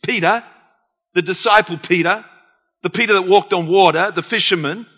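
A man with an Australian accent preaching a sermon as pastor, animated and acting out conversations. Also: sits high, moderate pace. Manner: animated, acts out quoted conversations. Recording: long hall reverb.

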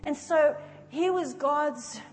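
A woman preaches in a conversational, animated way, acting out little scenes for her listeners. Her voice sits high, and it carries a long reverb from the hall. Soft music plays faintly underneath. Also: takes it slowly. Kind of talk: sermon. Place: church hall.

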